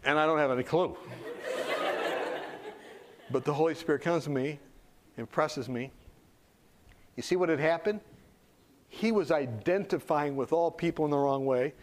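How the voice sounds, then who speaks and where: A man's voice: on the high side, normal speed, pauses often, slight background noise. A male preacher telling a story in a sermon, acting out the dialogue and dropping into whispers for the quoted lines.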